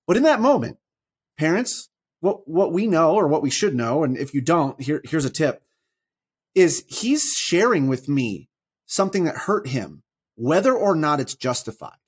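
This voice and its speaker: A husky-voiced man in his thirties tells family stories on a faith podcast. His voice sits a little high and gets lively as the story builds, and he often restarts his sentences. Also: moderate pace. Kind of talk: casual faith podcast chat.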